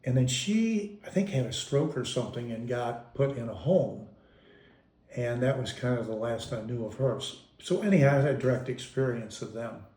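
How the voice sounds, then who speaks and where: A man in an interview wanders through old family memories, breaking off and restarting sentences with an amused, chuckling ease. His voice sits at a mellow, warm tone of middle pitch. The recording carries a roomy echo around him. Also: lively intonation, normal speed. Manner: rambling, self-interrupting, amused storyteller. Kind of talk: casual reminiscing.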